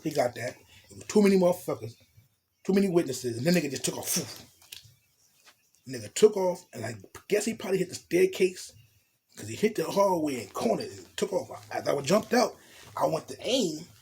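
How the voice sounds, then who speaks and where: A man telling a storytime tale in profane street slang, animated and blunt. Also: fairly high pitch, fairly quick, a little hiss or hum. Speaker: storytelling vlogger. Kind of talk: casual storytime monologue.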